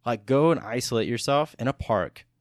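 A man's voice: mid-range voice, lively intonation, brisk, dry recording, studio quality. A man in his thirties from Texas hosting a podcast, talking loosely and casually and swearing often. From Texas, USA. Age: 30s. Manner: loose and profane, lots of restarts. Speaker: podcast host. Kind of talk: casual monologue.

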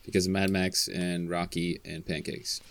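Deadpan low-voiced man, slow and stubborn. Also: creaky. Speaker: podcast co-host. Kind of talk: casual banter.

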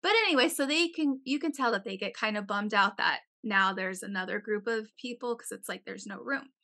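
A young adult woman telling a long story in casual chat, animated and profane, with many "like"s. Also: mid-range voice, brisk.

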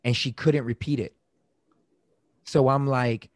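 A man in casual conversation about relationships, animated, acting out quoted arguments in raised voices. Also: medium pitch, slow pace, long pauses, dry recording.

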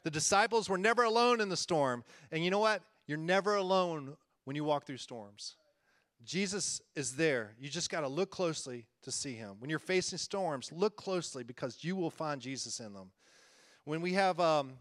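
A man's voice: a little high, lively intonation, normal speed, a bit bright, no room sound, clean studio sound. A man preaching a conversational sermon as a church-planting pastor, earnest and folksy, often chuckling and repeating himself.

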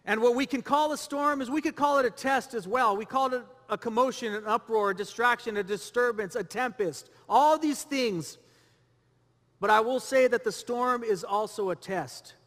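A man's voice: very high voice, normal speed, a bit bright, in a large hall. A man preaching a sermon, asking rhetorical questions and repeating phrases as he builds his point. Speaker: pastor.

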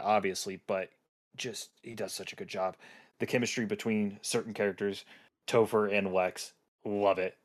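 Enthusiastic low-voiced man, gushing. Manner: enthusiastic, gushing, many fillers. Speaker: book reviewer. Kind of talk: casual chat.

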